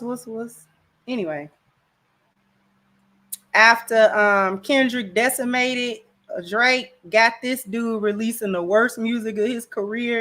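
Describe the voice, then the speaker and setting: A woman's voice: on the high side, fairly bright tone. A woman hosting a livestream, talking casually in a slangy, rambling way on a camera mic. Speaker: livestream host.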